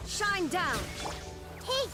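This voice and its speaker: A woman's voice: very high voice, big pitch swings, very slow, heavily acted. An actress voicing confident young female fighters calling out short battle lines in a game. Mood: battle cries. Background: loud game music.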